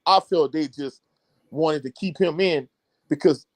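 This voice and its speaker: A man with a fairly high voice tells a sports story as a coach on a casual show. He talks loosely, with slang and fillers. The sound is dry and close. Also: unhurried, no echo. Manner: animated, slangy anecdote telling with many fillers.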